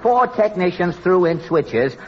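A man's voice: high-pitched, animated, measured pace, lo-fi sound, slight background noise. A man hosting a 1940s radio comedy show, with a dry, sarcastic, exasperated delivery.

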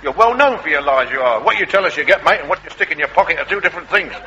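Guy playing a lippy landlord in a comedy sketch, highish voice, muffled old recording. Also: animated, rapid-fire, noisy background, close to an everyday voice. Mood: mocking. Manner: brash, argumentative, says "mate" constantly. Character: cheeky working-class male slum landlord, lippy.

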